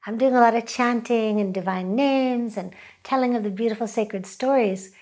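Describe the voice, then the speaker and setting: A woman who teaches chanting, talking reflectively and softly, now and then breaking into chant. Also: a little high, normal speed. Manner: soft-spoken, breaks into sung chant.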